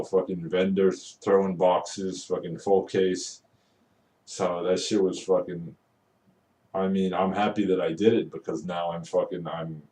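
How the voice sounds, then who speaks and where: A man's voice: low voice, dark tone, far from the mic. A man venting in a casual vlog about retail work, swearing constantly and rambling. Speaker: retail worker. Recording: roomy echo, voice away from the mic.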